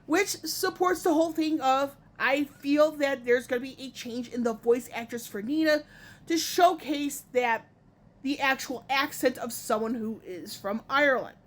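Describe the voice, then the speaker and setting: A woman's voice: high-pitched, a little slow. A woman hosting a casual gaming opinion vlog, talking in a rambling way and often stopping to correct herself. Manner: rambling, self-correcting, many fillers. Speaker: gaming video host.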